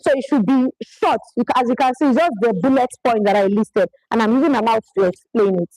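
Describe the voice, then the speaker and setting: A woman's voice: fairly high pitch, fast, a little mellow, dry recording, rough recording. A woman giving a live public speaking workshop, talking emphatically and often repeating phrases for effect. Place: presentation venue in Lagos.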